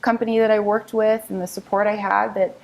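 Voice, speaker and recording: An upbeat woman in her thirties tells her story as an interview guest. Her voice sits at an ordinary middle pitch, and she slips into lively little voices whenever she quotes friends or clients. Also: a little fast, creaky, poor audio. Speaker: real estate agent, guest. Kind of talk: interview conversation.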